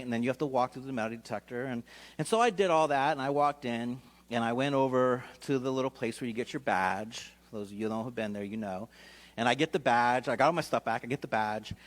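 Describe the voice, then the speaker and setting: Man, pastor, sermon storytelling, animated, conversational, middle pitch. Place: church sanctuary.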